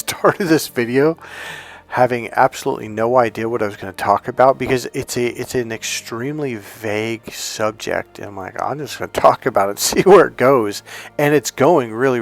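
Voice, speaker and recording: A man's voice: mid-range voice, moderate pace, vocal fry, faint music behind. A man talking off the cuff as a life coach, often restarting and searching for words. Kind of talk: unscripted motivational talk to camera.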